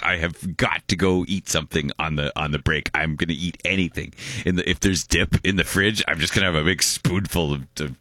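A man's voice: low voice, a little fast, sharp tone, dry recording. A man hosting a call-in radio show, chatting casually with jokes, laughing and repeating himself as he rambles. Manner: rambling, jokey, stumbles and repeats words, laughs often. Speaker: radio host. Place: radio studio.

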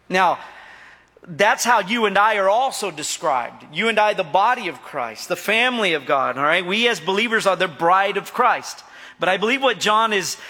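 A man's voice: high voice, bright, forceful tone. A middle-aged male pastor preaching a sermon in a folksy, joking way, often calling out to his congregation for agreement. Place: church sanctuary. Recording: long reverb of a large hall.

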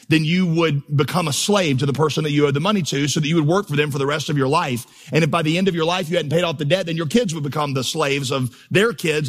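A man's voice: on the high side, long reverb tail. A man preaching a sermon as a pastor, moving between storytelling and rhythmic, building lists. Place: church auditorium.

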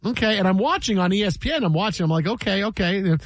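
A man hosting a casual sports talk radio show, telling an animated story and acting out quotes. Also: high-pitched, racing, no room sound.

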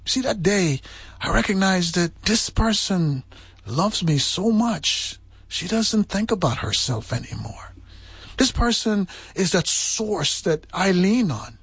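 A man preaching with a high, husky voice that swings widely in pitch, a gravelly edge showing up in the lower notes. The sound is dry and close. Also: animated, a little slow, fairly bright tone, no room sound. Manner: impassioned preaching, rising in pitch. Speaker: pastor. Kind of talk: sermon.

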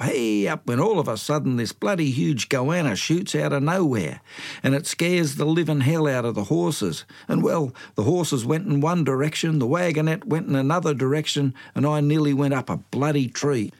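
A man's voice: mid-range voice, moderate pace, a little mellow. An older man with an Australian accent telling a folksy bush yarn, with slang and dramatic asides. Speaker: storyteller.

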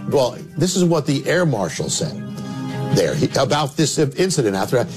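A man who is a minister tells a story in a sermon, dramatic, with sudden drops to low, emphatic tones. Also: big pitch swings, normal speed. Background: music.

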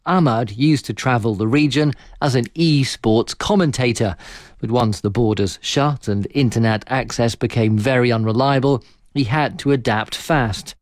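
A male reporter reads his scripted news piece in a measured, even delivery. His voice sits at an ordinary middle pitch, and the recording is close and completely dry. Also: no echo.

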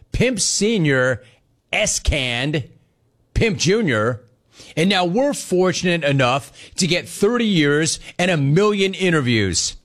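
Animated, jokey male sports talk host. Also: medium pitch. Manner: animated, jokey, bouncing between quick asides and drawn-out emphasis. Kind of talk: casual chat reading listener messages.

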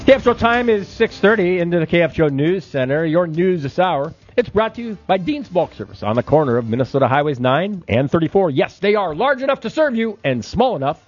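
A man hosting a morning radio show, chatting and reading updates in a brisk, upbeat announcer manner. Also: high voice, sing-song, breathy edge, soft background music. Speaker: radio host. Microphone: studio microphone. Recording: slightly dull, dry radio studio sound.

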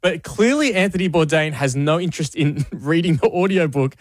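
A man's voice: a little high, animated, a little fast, no echo, clean studio sound. A man co-hosting a radio show, bantering casually and reacting to the host.

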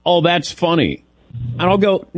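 A man's voice: sits high, very animated, a little slow, no echo. A man hosting an interview, asking questions in a chatty, jokey way. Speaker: interviewer host. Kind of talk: casual interview talk.

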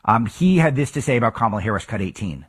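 A man's voice: on the low side, expressive, fast, husky. A man hosting a political talk show, giving emphatic commentary full of rhetorical questions.

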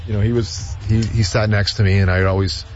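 A man's voice: fairly low pitch, little pitch movement, brisk, lo-fi sound, a little hiss or hum. A man, a former hockey player, telling stories in casual sports chat with many fillers and restarts.

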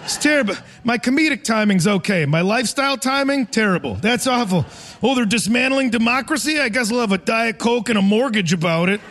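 High-pitched rambling stand-up man. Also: animated, a little fast, a bit bright. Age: 40s. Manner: rambling, self-mocking, laughs through lines. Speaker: stand-up comedian. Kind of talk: live stand-up set. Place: theater stage before a live audience.

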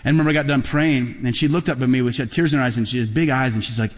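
The pastor, a middle-aged man, preaches very fast with hardly any pauses, his voice sitting mid-range. Through long hall reverb, he tells stories and rises to emphatic, loud peaks.

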